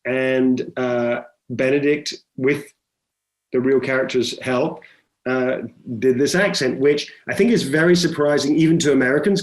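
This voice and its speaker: A middle-aged man, a film director, telling stories in a chatty interview with many restarts. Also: mid-range voice. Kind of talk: conversational interview.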